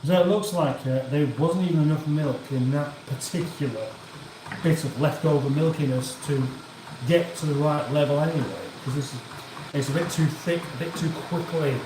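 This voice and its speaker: At home in his kitchen, an Englishman with a northern accent runs a live cooking stream, speaking at a moderate pace in a fairly high voice. He rambles easily, reads comments from viewers aloud as he cooks, and the recording has kitchen echo with faint background noise.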